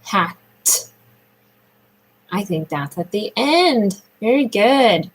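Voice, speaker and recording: A woman speech therapist leading a children's sound lesson, praising often and drawing out words slowly in a sing-song way. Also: medium pitch, expressive, breathy edge, low-quality recording.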